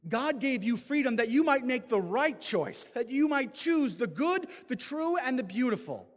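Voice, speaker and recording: A man giving a fervent, preacher-style testimony talk that builds to loud exhortations. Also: very high-pitched, very animated, moderate pace. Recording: long hall reverb.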